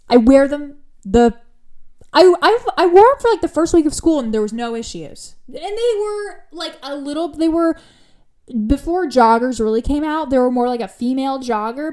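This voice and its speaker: A young woman hosting a podcast, telling a personal story in a chatty, animated way with lots of asides. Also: high-pitched. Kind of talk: casual storytelling.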